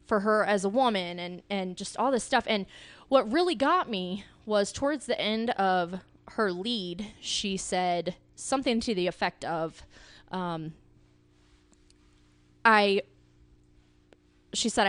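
A woman's voice: mid-range voice, takes it slowly, no echo. A woman speaking earnestly and reflectively in casual chat.

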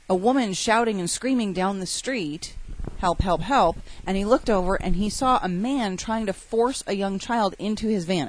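Casual woman reading podcast news. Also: mid-range voice. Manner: reads stories with self-corrections.

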